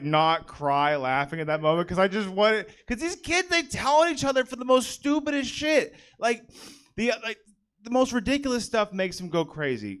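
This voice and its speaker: On a comedy theater stage, a young man does stand-up in a fairly high, clear, resonant voice that's a bit bright. He chats with the crowd, uses lots of fillers and pokes fun at himself.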